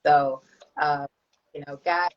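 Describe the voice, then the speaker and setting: Woman, interview guest, lower voice, halting with fillers, lo-fi sound. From Houston, Texas. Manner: relaxed, halting with many fillers. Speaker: guest, education nonprofit founder. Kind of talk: casual interview chat. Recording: dull lo-fi call audio.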